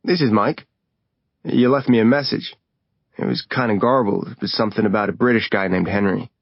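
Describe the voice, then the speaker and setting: A man's voice: on the low side, steady tone, a little fast, no echo. Man doing a laid-back male tour guide. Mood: relaxed. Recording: dull lo-fi recording.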